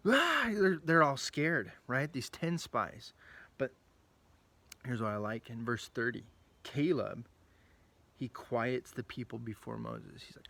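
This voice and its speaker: Animated man teaching kids a Bible story. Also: a little high. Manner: animated storytelling, acting out quotes; chatty, with frequent asides. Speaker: children's ministry leader. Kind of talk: children's Bible lesson.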